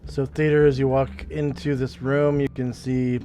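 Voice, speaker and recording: A man acting as game master, narrating a room in measured description. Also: medium pitch, little pitch movement, warm tone, faint music behind.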